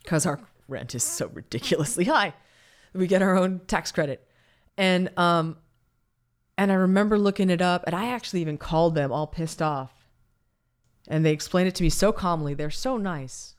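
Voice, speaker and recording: A woman's voice: lowish voice, moderate pace, smooth. A woman co-hosting a casual chat, candid and blunt, swearing freely and restarting her sentences.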